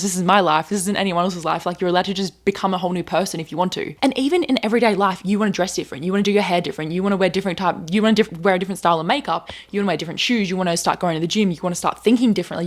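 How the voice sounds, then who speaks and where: A young woman hosting a podcast-style video into a handheld microphone, chatting casually and rambling with fillers and self-corrections. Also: mid-range voice.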